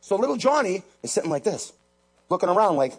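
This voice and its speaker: A man with a high, husky voice preaches a sermon, pressing his points and repeating key lines for emphasis. Soft music plays faintly behind him. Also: very animated, quick pace. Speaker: pastor.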